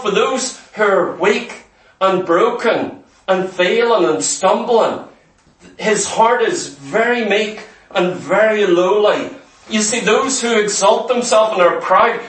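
A man preaching a sermon earnestly, sometimes dropping to a hushed, tender voice. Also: high-pitched, echoey room, distant mic, poor audio.

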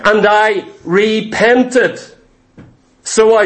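A man's voice: high-pitched, moderate pace. A man preaching a fervent, confessional testimony in a sermon, repeating key phrases for emphasis.

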